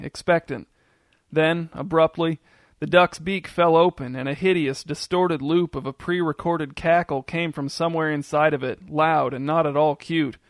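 A man reading a story aloud as narrator, in a steady, descriptive storytelling manner. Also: fairly high pitch, no echo, studio quality.

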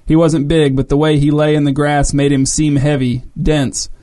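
Man, storytelling narration, mellow dark tone, measured delivery. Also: a little high, little pitch movement.

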